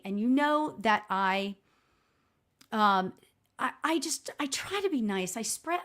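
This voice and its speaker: A middle-aged woman hosting a live stream as a spiritual medium, telling a personal story in a chatty, expressive way with a loud voice. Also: on the high side. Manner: chatty and expressive, frequent "right?" and laughs; self-described loud voice. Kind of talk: casual livestream storytelling.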